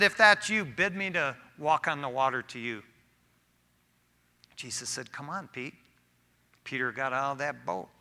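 Male pastor, casual and animated sermon delivery, very bright, slightly high voice. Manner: casual, animated preaching with frequent "man".

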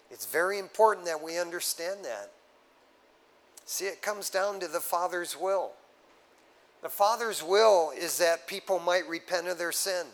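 A male pastor delivering a sermon with a slightly higher voice. He preaches in a relaxed, street-casual way and keeps calling his listeners "man." He rises into loud, urgent exhortation, then drops to low, hushed tones. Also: rough recording.

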